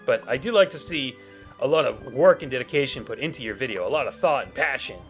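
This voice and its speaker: A man's voice: medium pitch, quick pace, faint music behind. A man doing let's play commentary as a gaming YouTuber, talking in a rambling way and often correcting himself. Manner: rambling, animated, self-correcting.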